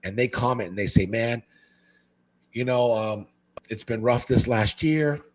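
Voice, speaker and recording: A man from Hawaii, a guest on a casual podcast chat, talking excitably and saying "man" constantly. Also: unhurried. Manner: excitable, says "man" constantly, jumps into high animated quoted voices. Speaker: guest, fish-keeping content creator.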